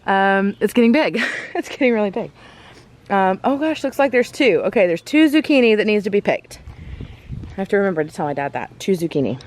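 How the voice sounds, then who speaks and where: Woman, casual garden-tour vlogger, rambling and breathy, mid-pitched voice. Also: big pitch swings, fairly quick. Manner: chatty, rambling, many ums and self-corrections. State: out of breath from walking fast. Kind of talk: casual walking tour chat. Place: outdoors in a garden.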